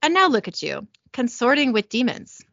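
A woman voicing a stern, haughty female high priestess who speaks in a contemptuous, lecturing way. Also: very animated, moderate pace, gravelly, a bit bright, no room sound, lo-fi sound, heavily acted. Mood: scornful.

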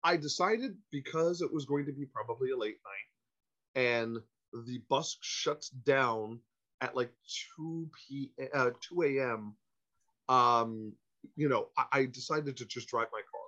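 A man, a podcast guest, telling a casual anecdote in an animated, self-interrupting way, on a dull lo-fi recording. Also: mid-range voice, measured pace.

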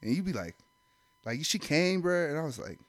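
A man's voice: fairly high pitch, sing-song, normal speed, no room sound. Young man telling a loose, profane story. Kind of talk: casual chat. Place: indoor room.

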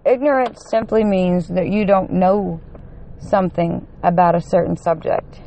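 A woman in the middle of a furious vlog rant, cursing in almost every line and pushing her voice up into shouts at the worst of it. She is running on one hour of sleep, so a worn, tired edge sits under the anger. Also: on the low side, steady tone, a little slow, slight background noise. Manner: heated, swearing constantly, rising to shouts. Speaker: vlogger. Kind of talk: angry profane rant to camera.

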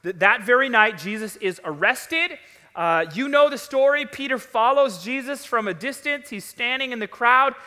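High-voiced preacher man telling the story casual-like, long church echo. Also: expressive, moderate pace, sharp tone. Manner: conversational, storytelling, emphatic. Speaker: pastor. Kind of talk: sermon. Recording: long reverb of a large hall.

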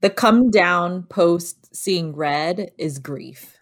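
A woman's voice: on the low side, very slow. A woman talking casually and animatedly as a podcast co-host, laughing often and acting out her inner voices. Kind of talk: casual conversation.

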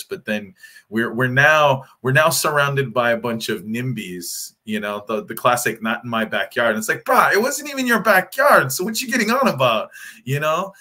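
Bright-voiced Hawaiian man telling stories. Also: medium pitch. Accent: Hawaiian Pidgin. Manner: animated storytelling with acted-out quotes. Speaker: panel guest. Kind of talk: casual panel discussion.

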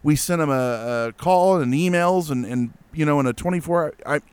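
Man, mid pitch, smooth clear voice, dry close sound; animated casual storyteller. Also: normal speed, no echo. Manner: animated, lots of fillers and restarts. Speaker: guest telling a ghost story.

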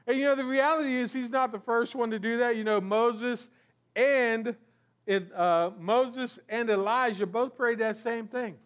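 A male pastor gives a casual, talky sermon, throwing out rhetorical questions and stumbling over repeated words. His voice sits fairly high for a man. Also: measured pace.

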